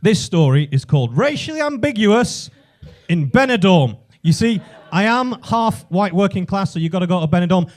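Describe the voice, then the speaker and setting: An English man doing a stand-up comedy set on a club stage, telling stories full of swearing and shouting out the punchlines. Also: sits high, brisk. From England. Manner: profane, animated storytelling with shouted punchlines.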